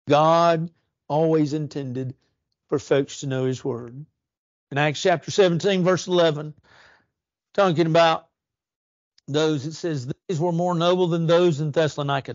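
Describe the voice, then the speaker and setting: A man delivers a church sermon with earnest conviction, stretching key words slowly and lifting his voice for emphasis. His voice sits a little high, recorded close and dry with a slightly dull, muffled sound. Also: a little mellow, no echo. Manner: earnest, rising emphasis and slow drawn-out stresses. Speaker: preacher.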